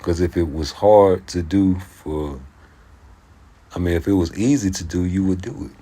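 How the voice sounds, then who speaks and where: A man's voice: low-pitched, moderate pace. A man hosting his own channel, talking in a profane, streetwise casual rant. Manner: profane, streetwise, animated storytelling. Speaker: YouTube commentary host.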